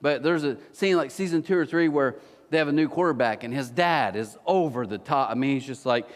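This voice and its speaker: A man's voice: medium pitch, brisk. A man preaching a sermon to his congregation, telling jokey stories and teasing the people listening. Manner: joking storyteller, teasing the congregation. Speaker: pastor. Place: large church auditorium. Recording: long hall reverb.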